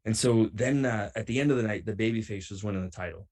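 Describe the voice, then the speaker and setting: A man, a professional wrestler who is a guest on a show, tells a road story in an animated way and acts out the other people's lines. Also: lowish voice, fast.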